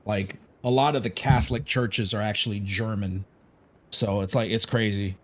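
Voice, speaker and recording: A man's voice: on the low side, steady tone, moderate pace. A man from Chicago chatting casually on a gaming livestream, rambling, opinionated and swearing freely. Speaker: gaming streamer.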